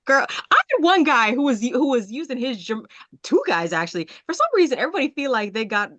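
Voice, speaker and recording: Lively Jamaican woman host. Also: high-pitched, quick pace, no echo. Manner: animated, expressive storytelling. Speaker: podcast host. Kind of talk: casual chat.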